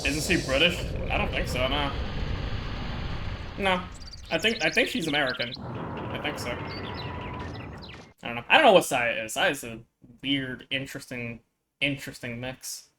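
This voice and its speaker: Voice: medium pitch, lively intonation, unhurried, long pauses, background noise. A player giving casual, rambling commentary over a video game, swearing freely and laughing often. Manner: laughing, profane, rambling asides. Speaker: let's play commentator.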